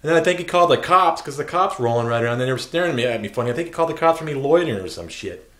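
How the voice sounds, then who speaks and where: A man ranting in a vlog, recounting a grievance in a profane, aggrieved voice. His pitch sits in an ordinary middle range. The sound carries a roomy echo. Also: animated, very fast, a bit bright.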